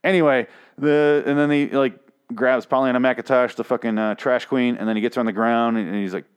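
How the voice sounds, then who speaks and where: Male solo podcaster, mid-pitched, sarcastic and swearing, rambling recap on a close mic. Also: fairly even intonation, a little fast, smooth. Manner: rambling, sarcastic, swears a lot, jumps into exaggerated outbursts. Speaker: podcast host reviewing a TV show. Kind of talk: casual profane solo recap.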